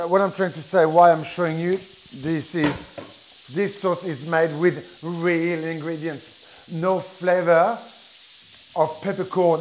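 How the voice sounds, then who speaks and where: Man, French accent, chef, chatty cooking demo, slightly high voice, faint sizzle and hiss behind. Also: poor audio. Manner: chatty, explains step by step with many restarts. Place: kitchen with food sizzling. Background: frying sizzle.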